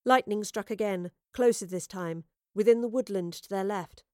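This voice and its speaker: In a dry, close recording free of room sound, a woman with a mid-range voice narrates a storybook. She reads steadily and expressively at a moderate pace.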